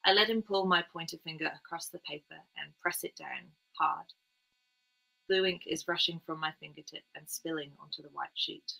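A young woman reads her own literary piece in a measured, quiet first-person voice. Her tone is bright and clear at the top, with a gravelly fry settling in at the ends of phrases. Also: low-pitched, low-quality recording. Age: young adult. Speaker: writer reading her own work. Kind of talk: literary reading.

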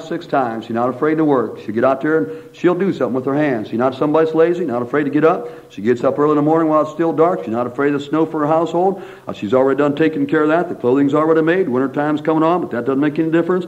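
A man's voice: on the high side, fast talker, hardly any pauses. Folksy preacher man. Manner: folksy, animated preaching with mimicry and laughs. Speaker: pastor. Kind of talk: sermon. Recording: dull lo-fi sermon recording.

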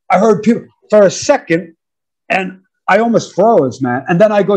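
A man in his fifties with a New York accent, a guest musician telling stories in a casual interview, animated and acting out counts and quotes. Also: sits high, moderate pace, rough recording. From United States. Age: 50s. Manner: animated storyteller, acts out counts and quotes, says "man" often.

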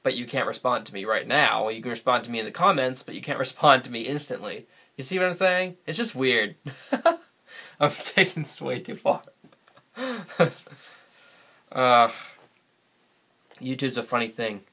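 Bright-voiced rambling New guy. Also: medium pitch, animated, a little slow, long pauses. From New England, USA. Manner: rambling, chatty, laughs often. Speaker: vlogger. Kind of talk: casual solo vlog. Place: sitting alone in front of a camera. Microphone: camera mic.

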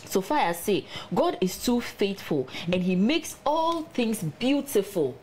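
A woman's voice: medium pitch, very animated, measured pace, a little mellow, slight background noise. Ghanaian woman hosting a faith talk show.

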